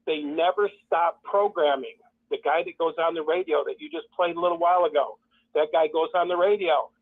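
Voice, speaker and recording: A man's voice: on the high side, a little fast. Fervent man on a tinny phone line. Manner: fervent, repetitive, mocking quoted voices. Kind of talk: impassioned call-in commentary.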